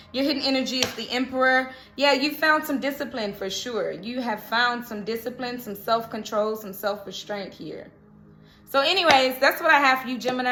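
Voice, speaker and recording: This woman's voice sits fairly high and sounds bright and forceful as she does a relaxed tarot reading. Chatty and quick to laugh, she repeatedly checks in with "okay?", and the recording carries a roomy echo.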